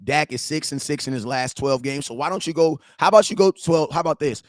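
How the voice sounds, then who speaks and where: A man's voice: fairly high pitch, fast talker, no room sound. A young man hosting a sports talk stream, heated and slangy, repeating himself and talking straight to his viewers. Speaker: sports talk show host. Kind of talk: live-stream sports rant.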